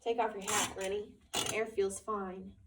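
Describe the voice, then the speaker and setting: A woman reading aloud and voicing a weary grown man who speaks quietly and flatly. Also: medium pitch, a little slow, distant mic, noisy background, natural voice. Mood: subdued. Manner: quiet, flat, subdued.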